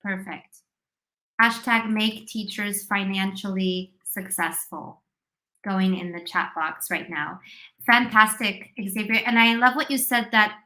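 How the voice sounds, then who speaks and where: A woman's voice: medium pitch, sharp tone. A woman hosting a live-stream interview for teacher entrepreneurs over a video call, upbeat and effusive with her praise. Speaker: host of teacher business coaching live stream.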